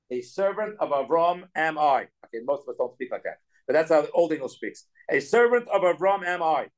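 A man teaching a casual Torah study class as a rabbi, animated and acting out the quotes he explains. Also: mid-range voice, rough recording. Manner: animated, acts out quotes, talks in quick bursts.

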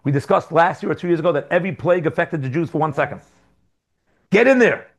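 A man giving a Torah class as a religious teacher, animated, with rhetorical questions and emphatic repetitions. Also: fairly high pitch, rapid-fire.

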